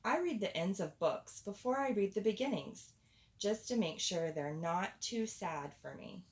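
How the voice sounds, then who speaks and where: A woman voicing an eager young male hedgehog in a storybook reading, high and fast. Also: animated.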